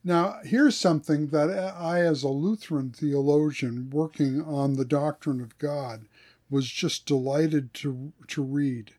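A man, a theologian, talking through ideas in a thoughtful podcast discussion and reading quotes slowly. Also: a little high, steady tone, dark tone.

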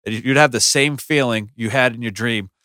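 A man's voice: mid-range voice, moderate pace, no echo, studio quality. A man co-hosting a casual podcast, talking bluntly and swearing often. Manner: blunt, profane, animated. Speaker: podcast co-host. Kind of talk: casual crude chat. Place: small room with two others.

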